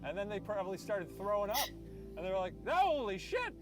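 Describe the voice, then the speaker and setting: A man's voice: high voice, fairly even intonation, fast. A man bantering about a case, exasperated and joking. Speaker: show co-host. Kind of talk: bantering discussion. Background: music.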